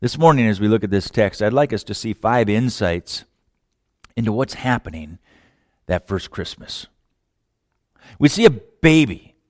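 Man preaching, slow deliberate delivery, dramatic pauses, loud-then-hushed swings, dry close sound. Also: on the low side, expressive, no room sound. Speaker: pastor. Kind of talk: sermon.

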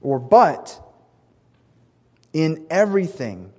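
A man's voice: fairly high pitch, normal speed, darkish tone. A man preaching a sermon in an earnest, emphatic way, stressing key words and sometimes restarting a phrase. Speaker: pastor. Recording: long hall reverb.

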